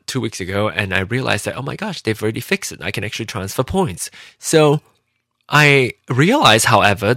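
A man's voice: on the low side, sharp tone, dry recording, clean studio sound. A man from Taiwan telling a rambling story in a casual monologue into a home microphone. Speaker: vlogger. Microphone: home microphone with compressor.

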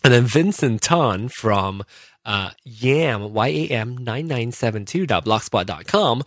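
Brief: male solo podcaster, rambling and self-deprecating, mid pitch, dry close mic. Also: expressive, unhurried, fairly bright tone, no echo. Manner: rambling and self-mocking, many fillers and restarts. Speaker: podcast host. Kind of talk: casual solo podcast chat.

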